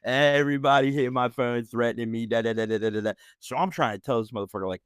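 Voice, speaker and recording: A man in the middle of a heated, profane story rant on his podcast, his voice sitting at an ordinary middle pitch. He keeps looping back with quick "right?" asides. The sound is dry and close, with no room around it. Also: dry recording. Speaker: podcast host. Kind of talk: ranting storytelling.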